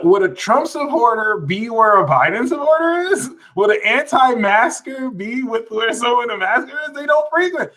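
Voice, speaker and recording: A man giving a live astrology talk to his audience in an animated, jokey manner with plenty of swearing. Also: high voice, low-quality recording. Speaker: astrology reader.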